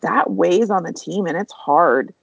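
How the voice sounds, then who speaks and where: A woman's voice: lowish voice, gravelly, husky, no echo, dull audio. A woman co-hosting a veterinary podcast, talking candidly and openly about team morale in casual conversation. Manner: candid, fast-flowing, emotional. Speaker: podcast co-host, veterinary practice leader.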